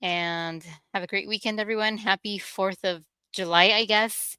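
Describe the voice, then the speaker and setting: A woman's voice: medium pitch, steady tone, normal speed, pushed and bright, clean tone, dry recording. A woman joining a podcast as a guest, chatting in a friendly, wry way. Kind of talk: casual podcast chat.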